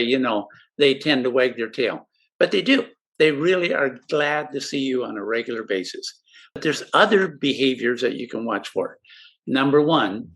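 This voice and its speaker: An older man, working as an educational presenter, gives a friendly instructional talk to teachers in a mid-range, slightly bright voice. Every so often he acts out how students might reply.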